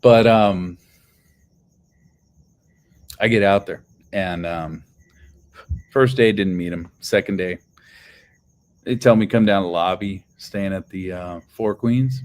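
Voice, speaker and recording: A man's voice: deep voice, slow pace, pauses often. A man casually telling a long personal story, rambling with lots of fillers and swearing. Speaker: channel host.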